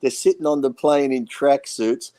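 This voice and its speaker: Brief: male podcast co-host, average pitch, chatty anecdote teller. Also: fairly even intonation, normal speed, dark tone, dry recording. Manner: anecdotal, laughing as he tells tales. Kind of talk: casual podcast chat.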